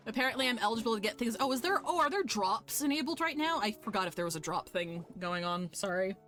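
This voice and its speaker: A woman's voice: medium pitch, lively intonation, fast talker. A woman streaming a game, chatting casually in a mid-range voice. She is blunt, swears freely and mocks herself, with faint game music behind her. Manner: profane, blunt, self-deprecating. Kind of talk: casual gaming commentary.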